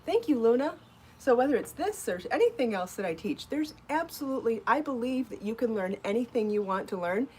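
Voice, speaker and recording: A woman who is a podcast host and crochet designer chats casually on a home live stream, upbeat and encouraging, laughing often and answering viewer comments. Her fairly high, darkish voice has lively intonation and a slightly fast pace, with faint hiss behind her.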